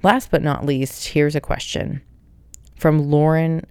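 A woman's voice: low-pitched, steady tone, takes it slowly, warm tone, clean tone, no echo, studio quality. A woman hosting a casual solo podcast, reading out listener questions in a blunt, profane, upbeat way. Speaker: podcast host.

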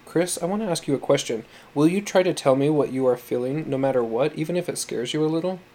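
A man reading the part of a tender, patient foster mother who speaks gently and coaxingly. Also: a little high, fast, close to an everyday voice. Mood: gentle.

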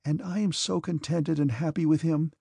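A man voicing a gentle, devout, timid young princess in an audiobook, earnest and pleading. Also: fairly high pitch, fairly even intonation, moderate pace, vocal fry, slightly rough, no room sound, voice pushed up. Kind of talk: audiobook character reading.

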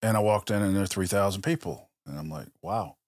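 A man's voice: sits low, fast talker, no echo, clean studio sound. A man, a police officer guest on a podcast, telling stories in casual chat and acting out the dialogue he quotes.

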